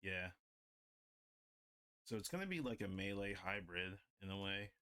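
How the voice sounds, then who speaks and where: A man's voice: low voice, animated, measured pace, pushed and bright, smooth. A man livestreaming while he draws, chatting casually and rambling with lots of "like". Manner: rambling, heavy use of "like". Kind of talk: casual chat while drawing.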